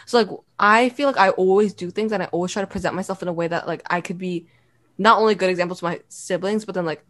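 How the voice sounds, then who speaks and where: A teenage girl co-hosting a podcast, telling family stories in a casual, animated way with many fillers. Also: on the low side, quick pace. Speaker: podcast co-host. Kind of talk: casual chat.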